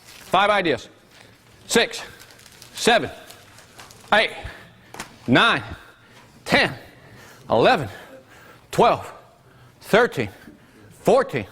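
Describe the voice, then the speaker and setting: A man's voice: sits high, big pitch swings, very slow, long pauses, sharp tone, husky. A man running a live interactive business workshop, energetically quizzing his audience. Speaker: workshop trainer.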